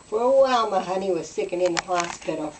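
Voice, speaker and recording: Woman comic, folksy deadpan storyteller, distant faint-hissy recording. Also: lowish voice, fast. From West Virginia. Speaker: comedian. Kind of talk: deadpan hillbilly stand-up routine.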